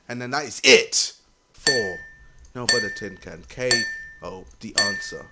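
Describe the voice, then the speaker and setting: A young man doing excitable gaming commentary, shouting, swearing and laughing in frustration as he plays. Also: mid-range voice, unhurried, slight background noise. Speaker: gaming video host. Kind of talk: let's-play commentary.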